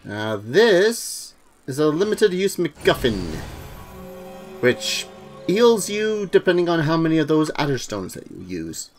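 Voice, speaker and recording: A man's voice: a little high, a little slow, soft background music. Laid-back male let's play host. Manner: relaxed, joking, rambling. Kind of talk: casual gameplay commentary.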